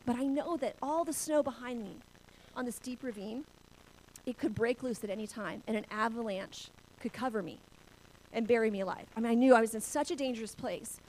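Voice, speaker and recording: A woman's voice: on the high side, brisk, a little mellow, rough recording. Woman telling an emotional faith story. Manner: emotional storytelling, laughs through hard moments. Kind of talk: personal testimony.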